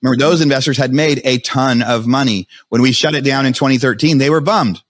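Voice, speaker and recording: Fast-talking man telling his story. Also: medium pitch, dry recording, clean studio sound. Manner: fast, animated retelling with frequent restarts and quoted self-talk. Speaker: podcast guest. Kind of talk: storytelling in a podcast interview.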